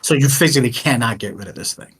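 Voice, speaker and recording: Husky guy dm walking players thru the rules, calm and reassuring. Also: medium pitch, fast talker. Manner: explains rules patiently, reassuring. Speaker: dungeon master. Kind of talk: running a tabletop game.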